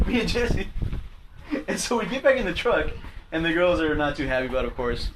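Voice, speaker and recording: A man's voice: fairly high pitch, sing-song, normal speed, noisy background. A man telling a rowdy story in casual chat with friends, laughing often and acting out what people said. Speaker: podcast host.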